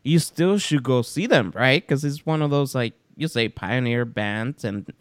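A man hosting a podcast in casual chat, telling a story with lively acted-out quotes. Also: measured pace, no echo. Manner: animated storyteller, acts out quotes with big pitch jumps. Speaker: podcast host.

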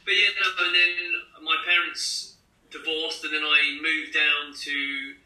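A man's voice: a little high, little pitch movement, slow, bright, forceful tone. A man in his thirties from Scotland, chatting as a runner guest in an interview over a video call, laughing easily. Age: 30s. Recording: roomy and distant video call.

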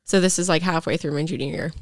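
A woman's voice: low voice, fairly even intonation, quick pace, no room sound. A young woman, a podcast guest, rambling through a personal story with lots of fillers.

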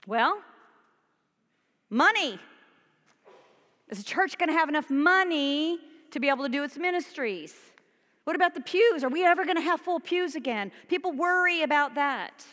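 A woman's voice: sits high, animated, normal speed, long pauses, fairly bright tone. A woman pastor preaching a sermon in a conversational, emphatic way, asking her congregation questions. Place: church sanctuary. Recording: long church reverb.

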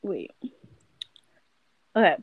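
Slow, hesitant woman on a dry mic. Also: dry recording, narrow, tinny audio. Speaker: podcast co-host. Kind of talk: casual chat, storytelling.

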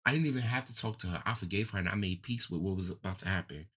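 A man's voice: racing, slightly rough. A man, talking candidly and emotionally in casual conversation, his voice rising and falling as he tells a story. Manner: emotional, candid storytelling with lively pitch swings.

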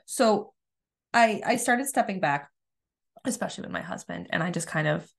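Candid low-voiced woman healer talking. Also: expressive, creaky. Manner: candid and emphatic, swears freely, restarts sentences often; rises high and fast when acting out her past frustration. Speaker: energy healer. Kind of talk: casual personal monologue.

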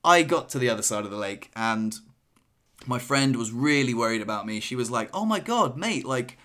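A man co-hosting a podcast, telling a story in a rambling way, with many restarts and lively quoted asides. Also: mid-range voice, fairly quick. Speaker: podcast co-host. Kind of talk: casual podcast chat.

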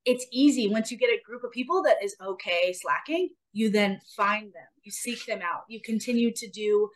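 A woman's voice: medium pitch, normal speed. Woman, podcast co-host, casual chat, earnest, motivational, repetitive emphasis.

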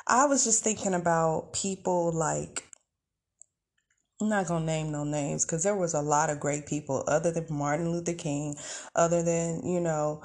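A woman hosting a podcast, talking in a casual, expressive monologue with laughs and sighs. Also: sits low, normal speed. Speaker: podcast host.

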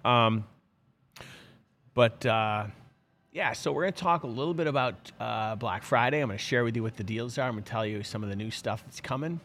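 A man's voice: medium pitch, fairly quick, fairly bright tone. A middle-aged man hosting a live show from his office, chatting casually with lots of fillers and restarts. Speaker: host of a live fishing subscription show. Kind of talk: casual live-stream chat.

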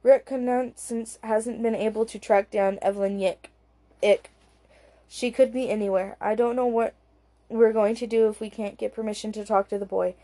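A woman reading the part of a serious police detective, speaking gravely and urgently. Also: on the high side, fairly even intonation, normal speed, warm tone, lightly acted.

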